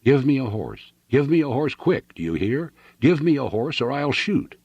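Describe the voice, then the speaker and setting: A man's voice: fairly low pitch, very animated, moderate pace, breathy edge, dry recording, highs cut off. A man voicing a desperate, gaunt male fugitive, out of breath and frantic. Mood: threatening. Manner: frantic, pleading shouts.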